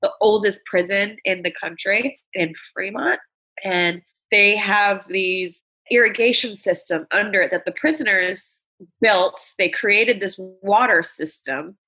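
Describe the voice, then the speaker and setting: A woman's voice: mid-range voice, unhurried, sharp tone, slightly rough. A woman comedian from Los Angeles, telling stories as an interview guest in a blunt, candid way with plenty of swearing. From Los Angeles, USA. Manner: blunt, profane, candid storytelling. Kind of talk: casual interview chat.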